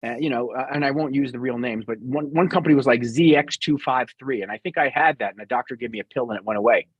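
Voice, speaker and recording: A man's voice: medium pitch, fast talker, slightly rough, no room sound, highs cut off. A middle-aged man with a New York accent, answering interview questions bluntly and sarcastically as a business guest.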